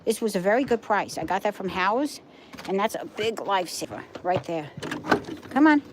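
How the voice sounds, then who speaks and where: A woman's voice: mid-range voice, expressive, a little fast, background noise. A middle-aged woman chatting casually on a live stream at home, rambling and cooing to her dogs. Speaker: vlogger and pet rescuer. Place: home, indoors with pets.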